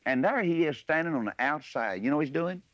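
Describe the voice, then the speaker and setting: A man preaching a sermon, mixing folksy personal asides with loud, rising emphasis on scripture verses. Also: a little high, lively intonation, fast, no room sound. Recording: dull lo-fi recording.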